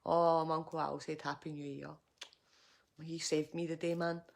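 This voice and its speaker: Scottish woman, middle-aged, profane ranting vlog, fairly low voice. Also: level tone, normal speed, vocal fry. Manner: agitated, profane storytelling. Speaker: vlogger.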